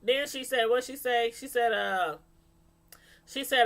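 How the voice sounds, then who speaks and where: Slow-talking woman reviewing a show. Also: on the high side, a bit bright. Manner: laughs often, talks straight to the chat. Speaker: show reviewer on a live stream. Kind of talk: casual live review chat with viewers.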